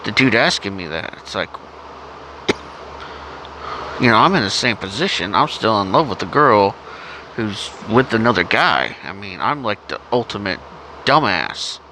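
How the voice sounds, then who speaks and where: Man vlogger, coughing, rambling and blunt, casual profane talk over steady background noise with traffic. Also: on the low side, a little slow, long pauses. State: has a cough.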